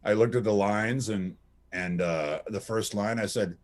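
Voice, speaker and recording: Animated, low-voiced storytelling man. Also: unhurried. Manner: animated, anecdotal, laughs often, many restarts. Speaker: voice actor guest. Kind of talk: casual interview chat.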